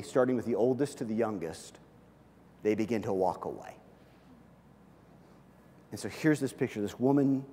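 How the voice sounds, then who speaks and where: A man's voice: mid-range voice, a little mellow, a little hiss or hum. A man, a pastor, preaching a sermon in an earnest, conversational way, repeating phrases for emphasis. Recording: long hall reverb.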